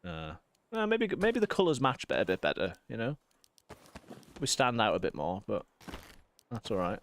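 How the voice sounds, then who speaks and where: A fairly low-pitched man in his thirties chats casually while streaming a game, and his northeast English accent slips in and out. He rambles, restarts sentences and breaks off for quick asides about the game. A faint hiss sits under his desk mic. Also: very animated. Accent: northeast English, softened. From northeast England. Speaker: streamer and vicar. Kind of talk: casual gaming stream chat.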